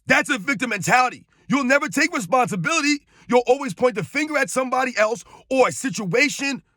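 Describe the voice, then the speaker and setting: A man's voice: very high voice, animated, fast talker, sharp tone, no echo, clean studio sound. A man giving an emphatic, scornful sports rant, hammering his points home with repetition. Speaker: sports commentator. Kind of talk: ranting sports commentary.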